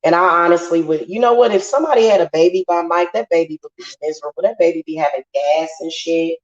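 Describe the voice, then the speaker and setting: A woman's voice: lowish voice, fast. Blunt, profane woman on a livestream. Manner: profane, blunt venting to viewers. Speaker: witch livestream host. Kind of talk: casual livestream chat. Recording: roomy, slightly dull home sound.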